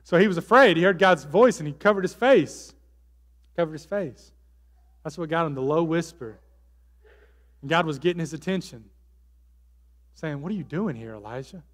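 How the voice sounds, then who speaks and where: A male pastor preaches in an easy, conversational way, turning often to the congregation with rhetorical questions. His voice sits fairly high for a man. A long reverb trails each phrase, as if he were in a large hall. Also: normal speed, long pauses. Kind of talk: sermon.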